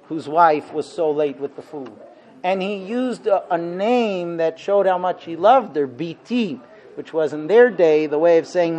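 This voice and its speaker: A man giving a Torah lecture, animated, with rhetorical questions and acted-out dialogue. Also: on the high side, low-quality recording.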